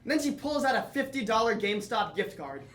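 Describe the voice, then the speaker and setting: A teenage boy performing a solo comedy monologue, telling lively comic stories with asides to the audience. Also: high-pitched, fast, echoey room, slight background noise. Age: teens. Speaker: student performer. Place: theatre or classroom with audience.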